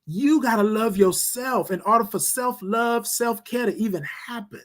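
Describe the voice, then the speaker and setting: A man hosting a morning show, giving a preacherly talk on self-care, repeating phrases and dropping his voice low on refrains, calling listeners "y'all". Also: lively intonation, moderate pace, a bit bright. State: emotional. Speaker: host.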